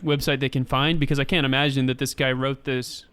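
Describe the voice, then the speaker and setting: A man hosting a podcast in casual chat, wry and quick to laugh, reading listener submissions aloud. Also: medium pitch, flat delivery, a bit bright, clean tone. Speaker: podcast host.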